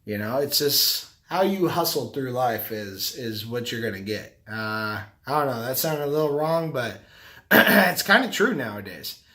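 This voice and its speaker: A man's voice: mid-range voice, expressive, unhurried, sharp tone. A middle-aged man talking casually to the camera, rambling and repeating himself. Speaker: vlogger, carpet cleaner and business owner.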